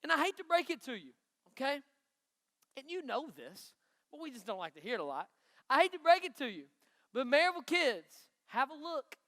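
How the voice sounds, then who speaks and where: A man's voice: extremely high pitch, sing-song, fairly quick, fairly bright tone. A man from Knoxville, Tennessee, with an East Tennessee country accent, giving a chatty, folksy youth sermon and asking the crowd questions. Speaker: youth pastor. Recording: long hall reverb.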